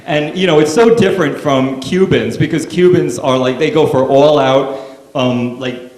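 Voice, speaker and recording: A man's voice: a little high, fairly even intonation, normal speed, a little mellow, echoey room. A man doing stand-up, telling family stories in a wry, casual and profane way. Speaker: stand-up comedian. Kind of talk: stand-up comedy storytelling.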